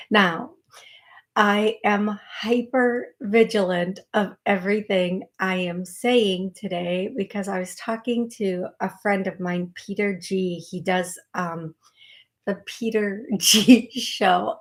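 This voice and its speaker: A woman's voice: medium pitch, fairly bright tone. A woman hosting a live call-in psychic medium show, chatting in a rambling way with many fillers and restarts.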